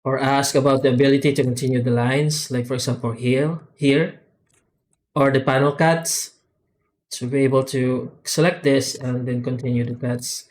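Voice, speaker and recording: Man hesitantly explaining software tool updates. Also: medium pitch, level tone. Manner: halting, unscripted, with frequent "uh" and "um" pauses and restarts; methodical, explanatory walkthrough. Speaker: software tool developer demonstrating add-ons. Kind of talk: screen-recorded software tutorial.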